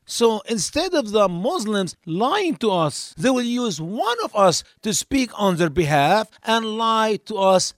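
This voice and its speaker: A man comments on lecture clips in a high, lively voice, pressing each point in a lecturing tone. The recording is dry and close. The delivery stays insistent throughout. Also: no echo.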